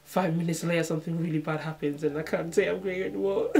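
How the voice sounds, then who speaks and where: A woman's voice: fairly low pitch, steady tone, fast, creaky, darkish tone, soft background music. A young woman in her twenties talking casually to her viewers in a reflective, chatty way, often asking "you know what I mean" and acting out small exchanges in changed voices. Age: 20s. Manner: acts out little dialogues in changed voices. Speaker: vlogger. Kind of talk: casual talk to camera.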